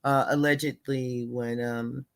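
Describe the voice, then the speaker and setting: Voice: mid-range voice, level tone, unhurried, smooth. A talk-show co-host chatting casually, agreeing readily and restarting sentences. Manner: agreeable, hesitant restarts, says absolutely.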